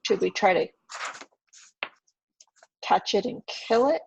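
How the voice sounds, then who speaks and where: Gravelly woman player, slow, dry muffled audio. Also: mid-range voice, animated, a little hiss or hum. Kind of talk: tabletop game play. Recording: dull, lo-fi sound.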